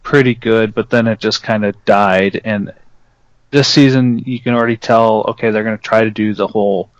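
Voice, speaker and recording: A man's voice: on the low side, steady tone, moderate pace, dry recording. Young man recapping shows, muffled sound. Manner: explains plots at length with many fillers. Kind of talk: casual chat.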